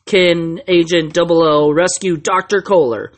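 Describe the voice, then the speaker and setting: A man's voice: fairly high pitch, fairly even intonation, unhurried, pitched above the performer's own voice, close to an everyday voice. A man putting on a dramatic movie trailer announcer voice to read a film synopsis. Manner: dramatic, emphatic trailer-style delivery. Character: booming adult male movie trailer announcer.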